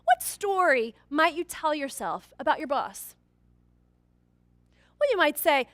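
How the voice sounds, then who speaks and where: Woman keynote trainer, high bright voice, dry close sound, acts out stories. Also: slow, pauses often, no echo. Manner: animated storyteller acting out quoted characters. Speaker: corporate trainer and keynote speaker. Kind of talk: storytelling keynote talk.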